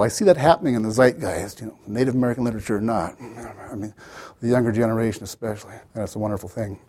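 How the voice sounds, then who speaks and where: A man's voice: fairly low pitch, rapid-fire, darkish tone, breathy edge. A man giving an academic lecture as the author, digressive, with wry asides and many "you know" fillers.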